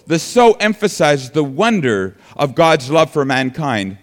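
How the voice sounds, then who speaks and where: A man's voice: on the high side, lively intonation, measured pace, hardly any pauses, in a large hall. A man preaching a sermon earnestly, building emphasis and sometimes restarting his words. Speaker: pastor.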